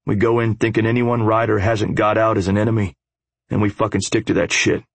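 A man reading as a blunt, profane biker who takes charge, in a low, husky voice. The sound is dry and close. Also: little pitch movement, a little fast, no echo. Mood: resolute.

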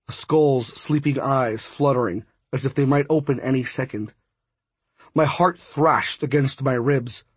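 A man reading a first-person audiobook in a measured, steady way. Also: mid-range voice, breathy edge, dry recording. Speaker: audiobook narrator.

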